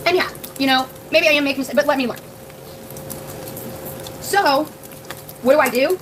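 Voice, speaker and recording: A woman's voice: sits high, moderate pace, a bit bright, slight background noise, poor audio. A young woman live-streaming, telling a story in a blunt, profane, chatty way and talking straight to her viewers.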